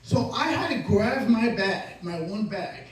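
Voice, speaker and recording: High-voiced man doing lively stand-up. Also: unhurried. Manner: animated, self-mocking, acts out scenes. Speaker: stand-up comedian. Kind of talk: stand-up comedy storytelling. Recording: echoey room, distant mic.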